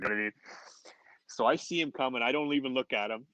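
Brief: man in his forties, animated storyteller, mid pitch, dry and slightly muffled audio. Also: quick pace, dry recording. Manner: animated, laughing, many restarts. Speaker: guest, former pro hockey player. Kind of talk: casual storytelling.

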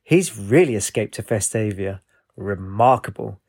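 A man's voice: fairly low pitch, animated, measured pace, darkish tone, husky, heavily acted. A man voicing a sinister, flamboyant male sorcerer villain in a storybook reading, with a mocking, theatrical sing-song menace.

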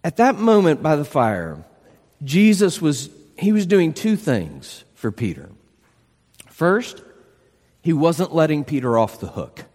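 A pastor preaching an emphatic sermon, full of rhetorical questions. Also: male voice, a little high, wildly swooping pitch, takes it slowly, darkish tone, in a large hall.

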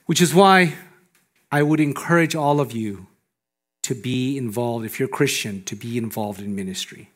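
A male pastor preaching a sermon, animated and laughing often, swinging from loud emphasis down to hushed, low lines. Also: moderate pace. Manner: laughs often between phrases.

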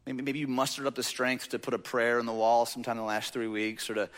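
Bright-voiced man preaching in a hall. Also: medium pitch, completely flat delivery, quick pace. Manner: conversational, rhetorical questions, frequent "like". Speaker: pastor. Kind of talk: sermon. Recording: reverberant hall.

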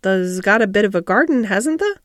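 A woman's voice: mid-range voice, animated, normal speed, dry recording, studio quality, lightly acted. A woman voicing a cheerful country boy, talking in an easy, broad dialect. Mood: earnest. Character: cheerful country boy who talks to animals.

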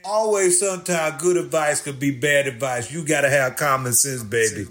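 A male comedian with a high-pitched voice tells a story on stage. He jumps between characters as he acts out a conversation, and his delivery is loose and full of profanity. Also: moderate pace. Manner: animated, acts out both sides of a conversation, profane. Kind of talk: stand-up storytelling.

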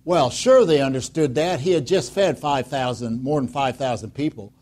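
Man, pastor, sermon, conversational, rhetorical questions, mid-pitched voice. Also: normal speed. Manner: conversational, acts out voices of listeners and Jesus; lively, rhetorical questions, drops to quiet emphasis.

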